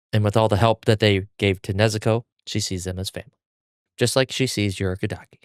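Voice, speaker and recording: A man's voice: lowish voice, clean tone, no room sound, studio quality. A man hosting a podcast, recapping and discussing a manga with enthusiasm. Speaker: podcast host. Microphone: mic on stand.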